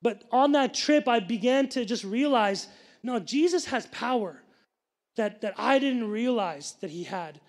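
A young man preaching as a pastor, telling a personal story with lively asides to the congregation. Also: very high-pitched, measured pace. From grew up Sikh, family from India.

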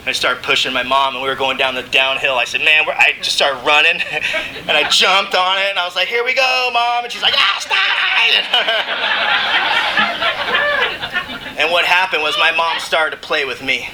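Bright-voiced man sharing his recovery story. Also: on the high side, fairly even intonation, fairly quick, slight background noise, rough recording. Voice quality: emotional, laughs between lines. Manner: conversational storytelling, frequent "you know what I mean". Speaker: recovering alcoholic speaker. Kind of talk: AA share, speaking to a meeting.

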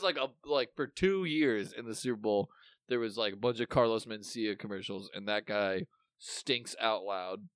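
A podcast co-host with a lowish, clear and resonant voice speaks at a moderate pace in studio quality with no echo. In casual chat he rambles through memories, swears often and trails off mid-thought, losing his thread.

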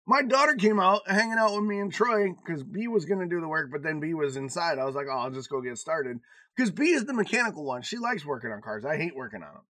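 A man's voice: sits high, fast, few pauses, dry recording. A man co-hosting a podcast, telling stories in casual chat with lots of swearing and laughter. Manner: animated storytelling, swearing, laughing often, big swings in loudness. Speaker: podcast co-host.

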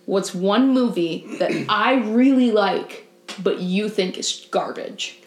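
A young woman co-hosting a podcast, teasing and animated, quick to laugh in casual chat. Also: medium pitch. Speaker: podcast co-host. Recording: roomy echo.

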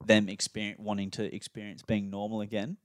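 A man's voice: on the low side, completely flat delivery, a little fast, no echo, clean studio sound. A young Australian man co-hosting a podcast, rambling casually with lots of fillers and restarts. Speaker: podcast co-host. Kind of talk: casual chat.

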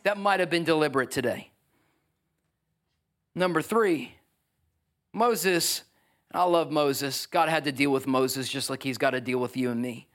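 A man preaching a lively sermon as pastor, acting out the voices of biblical figures. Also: a little high, a little slow, pauses often.

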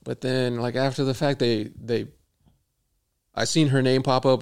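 A man's voice: medium pitch, fairly even intonation, measured pace, gravelly, clean tone. A young man telling a rambling, profane work story in casual podcast chat, laughing often. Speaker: podcast co-host.

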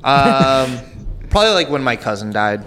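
A young man co-hosting a podcast, chatting casually in an earnest, halting way. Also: medium pitch, sing-song, fairly bright tone, smooth. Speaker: podcast co-host. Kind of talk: casual chat.

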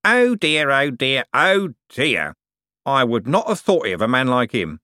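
A man's voice: mid-range voice, sing-song, a little slow, sharp tone, no room sound, studio quality, voice pushed up. A man voicing a scruffy, sly corporal who asks cheeky questions in a whiny way.

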